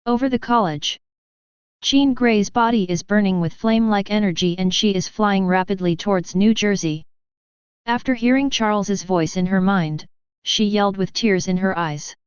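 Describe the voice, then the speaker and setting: A woman reading a fanfiction audiobook in a steady storytelling manner. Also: mid-range voice, smooth, no echo. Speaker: audiobook narrator. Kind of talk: scripted narration. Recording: dry, dull lo-fi recording.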